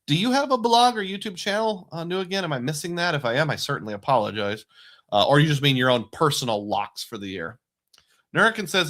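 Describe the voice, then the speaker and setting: A man's voice: a little high, sing-song, fast, fairly bright tone. A man in his forties from southeast Iowa, hosting a live stream and chatting through viewer comments with frequent laughs. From southeast Iowa, USA. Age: 40s. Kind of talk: casual live stream chat.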